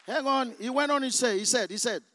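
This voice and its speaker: A man pastor preaching a sermon, telling a story dramatically, acting out the voices and bursting into shouts. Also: extremely high pitch, fairly quick, dry recording.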